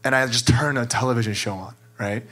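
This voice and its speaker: A man's voice: medium pitch, fast, a bit bright. A man who is a pastor, sharing candidly and with emotion, filling his talk with "like". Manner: earnest, emotional, many "like" fillers.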